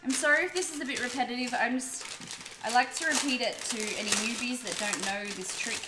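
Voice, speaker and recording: A woman's voice: on the high side, a little fast, very noisy. An Australian woman from Melbourne hosting a live cooking stream, chatting casually with viewers as she cooks. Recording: roomy echo with music behind.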